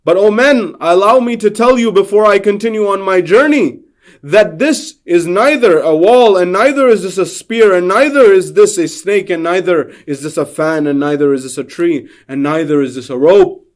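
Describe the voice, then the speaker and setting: A lecturer slipping into a calm, wise sighted stranger from an old parable, speaking gently and patiently, in a measured and unhurried way. He sounds a touch lower and softer than the man's everyday speaking voice. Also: lightly acted.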